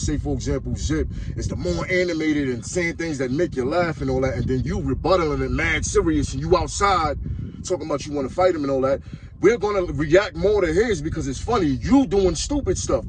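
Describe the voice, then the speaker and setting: Fairly high-pitched and backed by noise, a Harlem-born podcast host unloads a blunt, mocking tirade. His commentary is heated street talk from start to finish.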